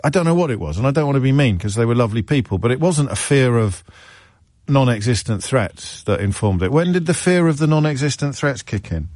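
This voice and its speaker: A man's voice: mid-range voice, lively intonation, a little fast, darkish tone, no echo. A man from England hosting a radio phone-in, reading listener messages and chatting with callers in a wry, teasing way. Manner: wry, teasing, mock-alarmed asides. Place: radio studio. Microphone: studio mic.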